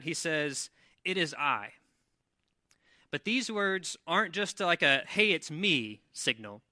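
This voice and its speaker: A man preaching a sermon in a church, conversational and animated when retelling scenes. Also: on the high side, dry recording, studio quality. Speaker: pastor.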